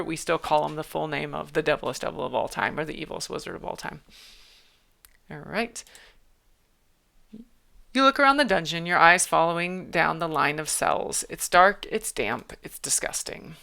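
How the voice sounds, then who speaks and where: A woman author chats and thinks aloud on a livestream as she revises her story. Her voice is fairly low, smooth and crisp, and bright. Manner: chatty, thinks aloud, self-amused. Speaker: author and streamer. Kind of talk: livestream writing commentary.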